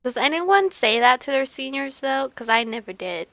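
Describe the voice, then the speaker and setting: A young woman narrating and commenting on an otome game in a playful, giggly, dramatic manner. Her high voice swoops widely, bright with a gravelly edge, and the recording is close and dry. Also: very animated, normal speed, no echo. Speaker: game streamer.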